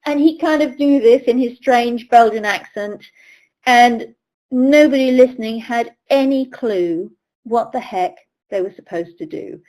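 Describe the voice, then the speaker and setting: A woman's voice: fairly high pitch, a little slow, a little mellow, low-quality recording. A middle-aged woman from the UK, a riding coach giving a webinar lecture, telling anecdotes and acting out the voices of people she quotes. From United Kingdom. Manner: storytelling, acts out quoted voices.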